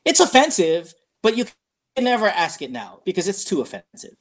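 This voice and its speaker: A man's voice: high voice, fairly quick. A middle-aged man, a guest on a casual talk show, telling a story with lots of acted-out quotes and switching between English and Tagalog. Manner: animated storyteller who acts out quoted dialogue; mixes English and Tagalog mid-sentence. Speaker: podcast guest, radio host. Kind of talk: casual interview chat.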